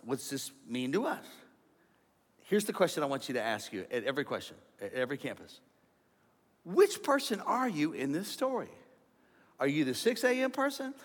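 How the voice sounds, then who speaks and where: A middle-aged man preaching a comedic sermon, animated, joking and acting out the voices of his listeners. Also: high-pitched. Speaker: pastor. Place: large church hall. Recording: sermon in a reverberant church.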